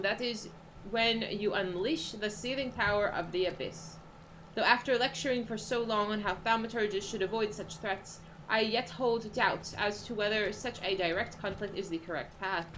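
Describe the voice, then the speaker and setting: A woman's voice: medium pitch, normal speed, a bit bright, a little hiss or hum, lightly acted, low-quality recording. A woman reading as a formal scholarly mage. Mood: earnest. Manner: reads formal, old-fashioned lines.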